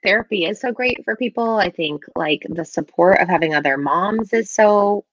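A woman in her thirties co-hosting a casual chat, animated and laughing often, with frequent filler words. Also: mid-range voice, moderate pace, no echo, lo-fi sound. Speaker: podcast co-host.

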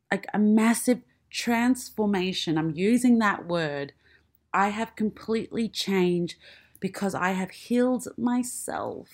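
A woman speaking in an earnest, emotional personal monologue with dramatic pauses, sometimes close to tears. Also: fairly low pitch. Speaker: podcast host and comedian.

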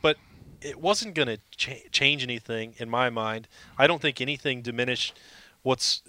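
Bright-voiced sports podcast co-host. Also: male voice, mid-range voice, normal speed. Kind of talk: casual sports podcast chat.

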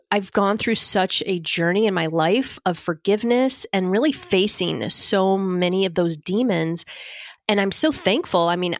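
A woman's voice: medium pitch, dry recording, studio quality. A woman guest on a podcast with a nasal, congested voice, still getting over a cold and speaking openly and earnestly. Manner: open, earnest, candid. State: recovering from a cold, head plugged up. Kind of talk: casual conversation.

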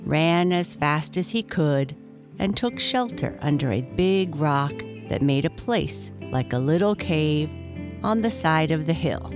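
A woman reading a children's story aloud in a slow, measured way. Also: deep voice, animated, over music. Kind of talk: read-aloud storybook narration.

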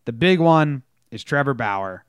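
Male sports podcaster, animated storyteller, dry studio sound. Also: mid-range voice, a little slow, clean tone, no room sound. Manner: animated storytelling, acts out players' lines. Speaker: podcast co-host. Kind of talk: casual sports chat.

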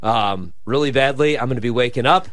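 Fast-talking joking male co-host. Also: medium pitch, fairly bright tone, no echo. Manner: quick, joking. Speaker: sports betting show co-host. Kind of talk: casual chat.

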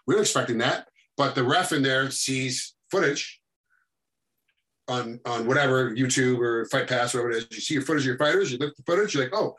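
A middle-aged man, a combat sports referee, telling animated stories in a casual chat and acting out what people said. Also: medium pitch, poor audio. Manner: animated storytelling, acting out quotes. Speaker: MMA referee, guest.

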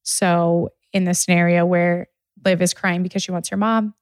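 A woman's voice: on the low side, fairly even intonation, moderate pace, no room sound. A woman chatting casually about toddler tantrums, telling stories with frequent laughs. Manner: laughs often, tells stories animatedly. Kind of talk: casual chat.

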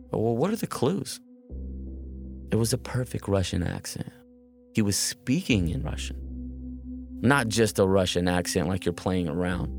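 Man, very low voice, halting first-person storytelling, music bed behind. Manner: halting, repeats words when tense.

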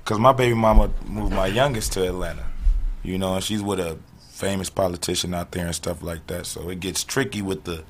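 A man telling stories in an animated, profane way as a podcast guest in a casual chat. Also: low voice, fairly quick, slight background noise.

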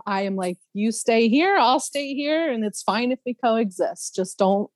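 A woman, a podcast guest, telling a personal story in a casual, animated way, laughing often and imitating other people's voices. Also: fairly high pitch, unhurried, dry recording.

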